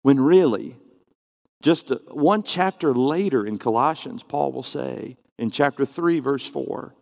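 Gravelly preacher in a reverberant church. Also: male voice, medium pitch, lively intonation, unhurried, darkish tone. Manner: earnest, emphatic, varies pace for stress. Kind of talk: sermon. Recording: long reverb of a church hall.

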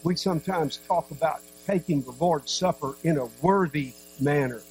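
Man, preacher, sermon, earnest, dramatic pauses, soft drops, faint hum. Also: on the high side, poor audio.

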